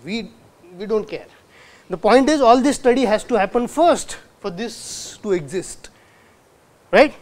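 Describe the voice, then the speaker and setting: A man's voice: high-pitched, lively intonation, a little slow, long pauses. Male lecturer asking rhetorical questions. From India. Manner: asks the audience rhetorical questions, demonstrates sounds. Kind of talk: university lecture.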